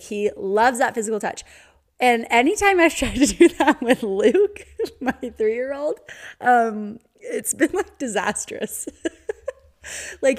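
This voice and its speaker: A woman in her thirties talks through her own podcast episode in a loose, chatty way. She is candid and laughs often between thoughts, and her voice sits at a middle pitch. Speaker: podcast host. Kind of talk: casual solo podcast talk.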